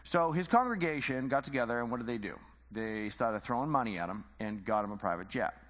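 A man's voice: medium pitch, lively intonation, a little fast, fairly bright tone, in a large hall, a little hiss or hum. A man teaching the Bible informally, conversational and full of rhetorical questions and repeated phrases.

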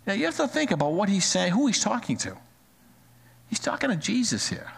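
Animated high-voiced male preacher in a hall. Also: fairly quick, creaky, breathy edge. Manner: animated, repeats phrases for emphasis. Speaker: pastor. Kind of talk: sermon. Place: church sanctuary, live-streamed. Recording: long hall reverb.

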